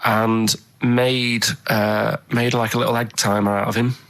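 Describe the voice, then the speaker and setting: A man chatting casually as a co-host in a flat, deadpan, plain-spoken way. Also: fairly low pitch, unhurried. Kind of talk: casual chat.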